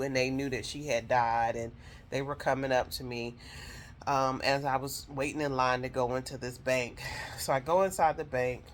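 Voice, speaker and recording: A woman's voice: extremely low pitch, slight background noise. A woman telling viewers a personal story in an emotional, heartfelt way, speaking straight to them. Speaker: vlogger telling her own story.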